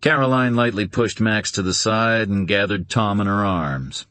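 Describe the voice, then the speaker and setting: A man narrating a suspense novel in a steady, dramatic reading. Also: fairly low pitch, moderate pace, no room sound. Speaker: audiobook narrator. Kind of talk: scripted narration.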